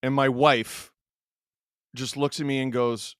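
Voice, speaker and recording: A man in his thirties hosting a stream, reading chat aloud and telling stories in an animated, casual way. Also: medium pitch, slow pace, clean tone, no echo, clean studio sound. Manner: animated storyteller, reads chat aloud, laughs often.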